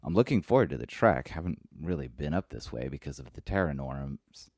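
A man's voice: a bass voice, lively intonation, fairly quick, a little mellow, no room sound, studio quality, heavily acted. A man voicing a friendly, awkward android that rambles eagerly with little hesitations. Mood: chatty.

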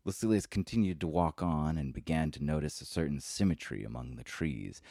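A man narrating a story in a measured, unhurried way. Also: extremely low pitch, mellow, no echo, studio quality.

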